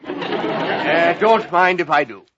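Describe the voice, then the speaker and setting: A man's voice: a little high, lively intonation, slow, background noise. An actor playing a thick-headed, boastful male beat cop with bad grammar, in 1940s radio comedy. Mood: blustery. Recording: dull old radio broadcast.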